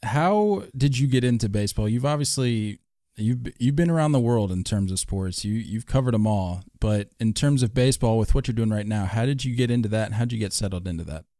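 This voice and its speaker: Low-voiced man asking joking questions. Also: brisk, mellow, no echo, studio quality. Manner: joking, chatty questions with restarts. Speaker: podcast host. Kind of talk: casual interview.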